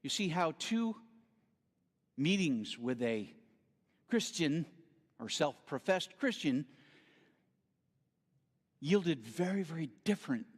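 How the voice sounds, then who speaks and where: A man giving a storytelling sermon as a guest speaker at a spiritual center, theatrical and animated. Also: a little high, slow, long pauses, slightly rough. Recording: reverberant hall.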